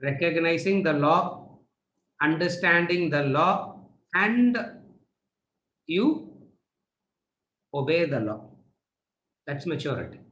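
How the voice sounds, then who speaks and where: A man's voice: a little high, expressive, slow, pauses often, fairly bright tone. Man lecturing with rhetorical questions. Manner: repeats rhetorical questions and answers them. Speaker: spiritual teacher. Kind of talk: lecture to students. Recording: echoey room.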